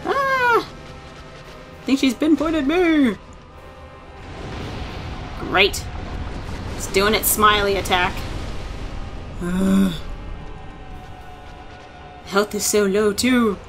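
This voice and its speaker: A woman hosting a let's play, excitable and swearing, often laughing as she plays. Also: medium pitch, drawn-out words, long pauses, soft background music. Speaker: gaming let's-play host. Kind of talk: casual game commentary.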